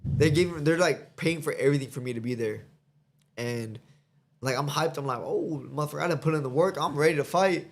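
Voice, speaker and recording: There's slight background noise as this podcast guest talks, his voice fairly high and his pace fairly quick. He swears freely, laughs often, and performs other people's lines while spinning his stories.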